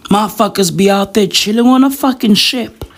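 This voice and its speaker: A woman's voice: medium pitch, brisk. A woman with a South African accent delivering a rambling, profane comic rant full of slang.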